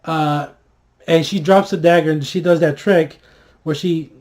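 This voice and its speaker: A man with a slightly high voice talks through a TV episode in a loose, casual review. He gets worked up easily, swears freely, and keeps trailing off into "uh" and "like" as he restarts his sentences. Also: a little slow. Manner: excitable, swears freely, many fillers and restarts.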